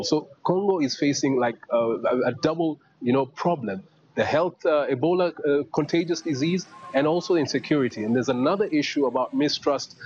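A male news correspondent giving an unscripted field report, with many pauses and restarts. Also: medium pitch, muffled recording.

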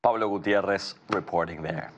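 A male news anchor reading scripted news in a measured, formal way. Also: sits low, heavy background noise.

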